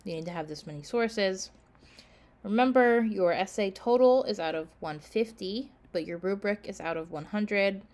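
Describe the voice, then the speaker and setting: A college instructor, her voice fairly low and a little mellow, gives her class casual announcements. She sounds weary and yawns, dropping "um" and "like" constantly.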